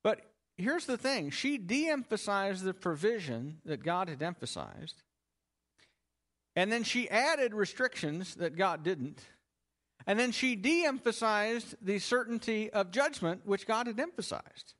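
Unhurried and fairly bright in tone, this high-sitting male voice swings widely in pitch while teaching an expository sermon from the Bible. He questions his listeners, answers for them, and highlights key words.

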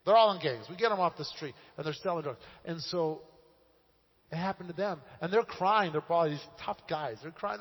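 A man's voice: brisk, breathy edge, in a large hall. A man preaching a sermon, telling stories with passion and rising to emotional peaks. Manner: passionate storytelling preacher, swells louder and higher at emotional peaks.

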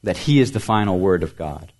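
A male pastor preaching with a somewhat low voice. He speaks earnestly, repeating words for emphasis. His voice lifts on key phrases and falls soft and quiet at the ends of thoughts. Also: lively intonation, a little fast. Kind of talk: sermon.

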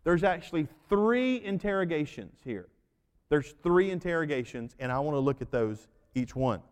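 Male pastor, folksy animated preacher, higher register, reverberant church hall. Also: moderate pace, clean tone. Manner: folksy, animated storytelling with acted-out voices. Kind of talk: sermon.

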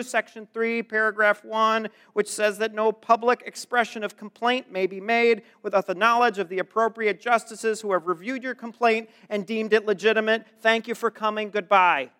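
A man's voice: high-pitched, a bit bright, clear, resonant tone, in a large hall, voice pushed up. A man playing a fussy, nerdy male town clerk who talks in a nasal, pedantic and apologetic way.

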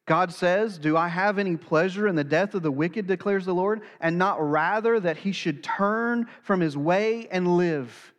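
High-voiced man preaching in a hall. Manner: earnest preaching, slows to stress key phrases. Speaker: pastor. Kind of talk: sermon.

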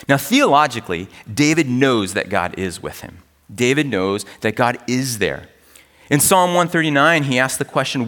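A middle-aged man preaching a sermon as pastor, earnest and expressive, with dramatic pauses. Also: mid-range voice, in a large hall.

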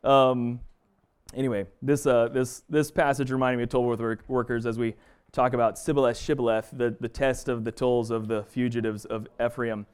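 A man's voice: mid-range voice, level tone, normal speed, clean tone. A man teaching a Bible passage in a loose, conversational way, often restarting his sentences. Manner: conversational, frequent restarts and fillers. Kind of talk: casual bible study teaching.

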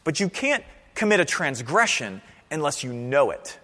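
A pastor preaching a sermon in a conversational, animated way, often checking in with the congregation. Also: male voice, on the high side, moderate pace, big-room sound. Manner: conversational, animated preaching with frequent "right?" and "okay?".

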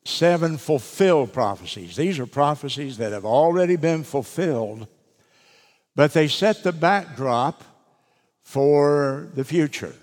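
A man preaching a sermon to his congregation, speaking deliberately with emphatic pauses. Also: on the high side, animated, darkish tone. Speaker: pastor. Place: church sanctuary. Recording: long reverb of a church hall.

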